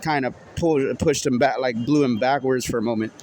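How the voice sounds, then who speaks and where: A man casually improvising a superhero story in turns, talking in a halting way with restarts. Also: mid-range voice, darkish tone, a little hiss or hum.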